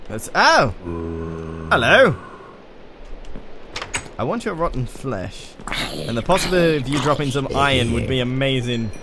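This is gaming commentary from an Australian man faking a British accent, rambling chattily and addressing the game's creatures as he plays. He's a let's play host with a medium-pitched voice and a fairly quick pace. The background is noisy, with keyboard typing and clicking.

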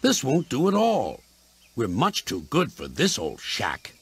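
A man's voice: mid-range voice, huge pitch swings, measured pace, slightly rough, pitched above the performer's own voice, full character voice. A man voicing a proud, grumpy young male steam engine that talks in a haughty, sulky way.

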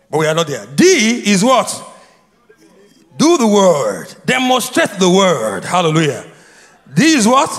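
High, lively preacher in an echoing hall. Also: male voice, moderate pace. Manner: repetitive, prompts congregation to answer. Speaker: pastor. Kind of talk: sermon with call and response. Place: church sanctuary. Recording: long hall reverb.

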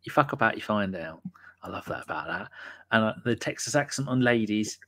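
A man's voice: on the low side, animated, fairly quick, fairly bright tone. A man hosting a casual podcast and live chat. He talks in cheeky, sweary, jokey banter. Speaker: podcast host.

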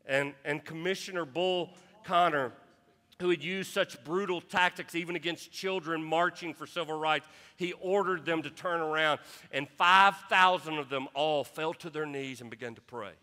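A man's voice: fairly high pitch, normal speed, sharp tone, in a large hall. A man preaching a sermon as pastor, impassioned, who often repeats himself on restarts. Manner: impassioned, repeats words, quotes scripture. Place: church sanctuary.

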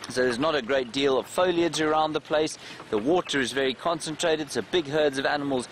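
A man's voice: on the high side, brisk, slight background noise. A man hosting a live safari game drive, chatting and answering viewer questions as he drives outdoors with a clip-on mic. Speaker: safari guide and live show host. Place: open safari vehicle outdoors. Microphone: clip-on mic, sometimes slipping.

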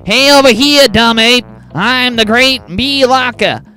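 A man's voice: very high voice, a little slow, pushed and bright, smooth, faint music behind, voice pushed up, heavily acted. A man voicing a rude, greedy male reptile shopkeeper in a game, sneering and insulting.

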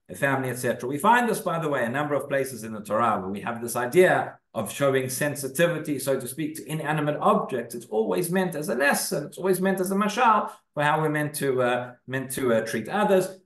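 A man leads a relaxed, conversational class in a synagogue, reading sources aloud and often pausing or restarting. His voice sits somewhat high for a man. The room gives his voice a noticeable echo. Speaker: rabbi teaching a class. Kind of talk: casual spoken Torah class. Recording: echoey room.

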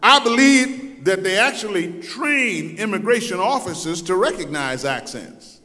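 Slow, bright-voiced man preaching in reverberant church. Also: high-pitched, expressive. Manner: dramatic storytelling preacher, acts out voices; swings from loud to soft. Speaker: pastor. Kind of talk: sermon. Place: church sanctuary. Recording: long hall reverb.

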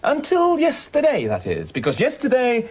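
A man's voice: very high voice, wildly swooping pitch, moderate pace, darkish tone, husky. A man presenting a children's TV show, chatting cheerily and teasing his puppet friends. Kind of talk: scripted talk to puppets.

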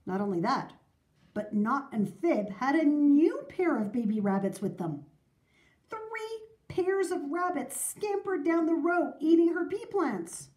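Storybook reader, woman, lively, higher-pitched, sing-song delivery. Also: unhurried, echoey room. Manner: expressive, sing-song reading. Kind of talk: children's storybook read-aloud.

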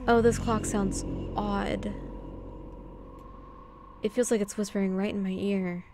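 Unhurried and steady in tone, her medium-pitched voice sits against a noisy background and game music. She's playing a horror adventure game on a studio condenser mic, voicing its text and dialogue as herself and slipping in dry, joking comments.

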